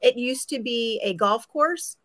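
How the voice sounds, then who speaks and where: A woman's voice: a little high, a little slow, a bit bright, no room sound. A woman co-hosting a casual talk show, chatty and upbeat. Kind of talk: casual chat.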